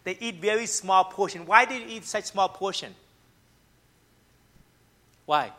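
In a high, sharp-toned voice, this preacher speaks unhurriedly in a conversational style. He keeps asking listeners "right?" and "okay?" and illustrates his points with stories from everyday life.

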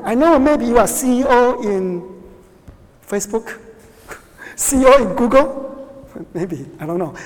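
A woman's voice: a little high, darkish tone. Woman, first language Chinese, Bible class teacher, asks the room questions, stop-start phrasing, long hall reverb. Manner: questions the class often, halting restarts, laughs.

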